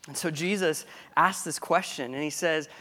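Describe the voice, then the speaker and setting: A man's voice: a little high, moderate pace, sharp tone. Conversational male pastor preaching. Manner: conversational preaching with frequent restarts and questions to the congregation. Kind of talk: sermon.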